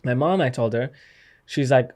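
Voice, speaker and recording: A young man chats as a podcast guest, telling family stories with lively energy and slipping into quick impressions of his mom and dad. His voice sits at an ordinary middle pitch, and his tone stays loose and conversational. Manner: animated, acts out his parents' voices. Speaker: guest comedian. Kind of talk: casual podcast storytelling.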